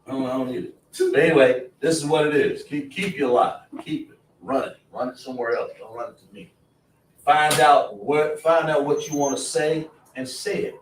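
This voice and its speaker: A man's voice: on the high side, moderate pace. A man teaching a class in an emphatic, repetitive, scolding preaching manner, in an indoor classroom. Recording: roomy, distant mic, faint noise.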